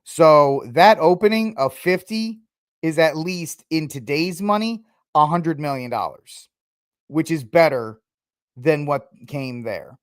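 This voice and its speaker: A man's voice: fairly high pitch, animated, slow pace, no echo, studio quality. A man hosting a podcast who talks casually alone, thinking aloud with lots of fillers and restarts. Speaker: podcast host. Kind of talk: casual solo commentary.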